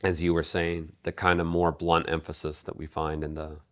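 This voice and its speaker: A man co-hosting a podcast, speaking in a measured, halting way about poetry and pausing often to find his words. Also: low-pitched, monotone, fairly bright tone. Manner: measured, halting, with many pauses and fillers. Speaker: podcast co-host. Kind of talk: casual literary discussion.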